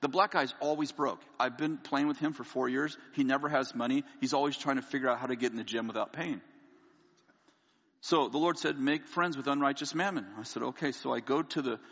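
A man preaching a sermon, telling a candid, self-mocking personal story and quoting people in lively voices. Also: medium pitch, fairly quick, vocal fry. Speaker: pastor. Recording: dull lo-fi audio with long hall reverb.

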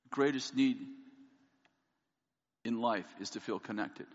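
A man preaching a sermon, telling a candid, self-mocking personal story and quoting people in lively voices. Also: medium pitch, measured pace. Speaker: pastor. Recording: dull lo-fi audio with long hall reverb.

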